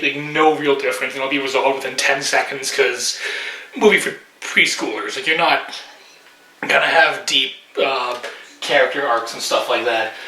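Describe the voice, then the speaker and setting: A man's voice: a little high, bright, forceful tone. A man giving a casual, joking reaction review of a movie, sarcastic and rambling. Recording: roomy echoey room.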